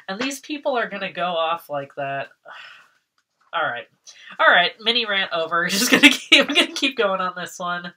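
This clip features a woman from Massachusetts who vlogs, chatting loosely as she unboxes something. She's excitable, laughs a lot, and curses during her rants, speaking at a normal speed in a mid-range voice over slight background noise.

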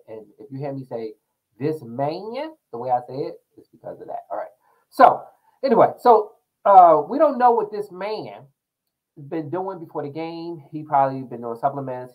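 A young man hosts his own show, talking straight through the news and his own stories with loose, rambling energy. His voice sits at an ordinary middle pitch, and he jumps between topics in a casual, chatty way. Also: poor audio. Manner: rambling, animated storytelling with laughs. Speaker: talk show host. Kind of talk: casual commentary monologue.

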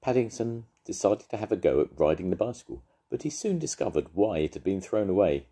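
Older grandad reading a bedtime story. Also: male voice, sits low, a little fast, husky. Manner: lively, expressive storytelling. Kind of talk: reading a children's story aloud.

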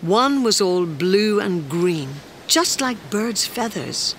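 A narrator reading a children's storybook aloud in a gentle, expressive way in a noisy recording. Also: mid-range voice, slow pace.

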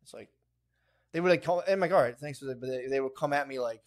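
A young man chatting loosely on a podcast, cursing and laughing through his stories. He acts out other people's lines as he tells them. His voice sits at an everyday middle pitch. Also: quick pace. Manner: profane, laughing storyteller who acts out quoted voices. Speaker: podcast co-host. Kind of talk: casual chat.

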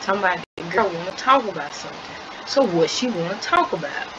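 A woman voicing a calm, easygoing young man who tries to keep the peace between his sisters. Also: on the low side, quick pace, noisy background, lightly acted.

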